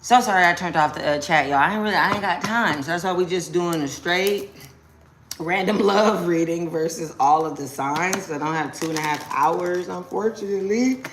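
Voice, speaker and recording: A young adult woman giving a casual live-stream tarot reading, slangy and quick to exclaim. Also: on the low side, background noise. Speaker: tarot reader.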